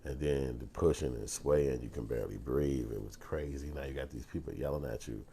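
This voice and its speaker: A man's voice: extremely low pitch, brisk, creaky, warm tone, slight background noise. A man telling a personal story on his vlog, casual and profane, acting out heated arguments in other voices. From Chicago. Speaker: vlogger and filmmaker.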